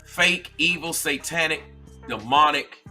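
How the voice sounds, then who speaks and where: A commentary channel host runs a live stream, reading chat and talking straight to viewers in a conversational but emphatic, repetitive, preachy way. His voice is fairly high, pushed and bright, at a measured pace. Soft music plays in the background.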